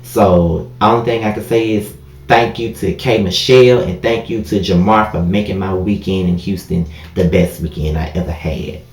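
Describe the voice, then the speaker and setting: Man, vlogger, deep voice; heartfelt storytime, chatty "y'all" delivery, echoey room. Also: normal speed. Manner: frequent "y'all" and "you know what I mean". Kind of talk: casual storytime vlog.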